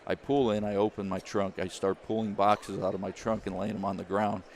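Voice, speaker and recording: A man, a former caddie turned business founder, telling a lively story in an interview and acting out the people he quotes. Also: fairly low pitch, brisk, slight background noise. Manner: animated storyteller, acts out quoted voices.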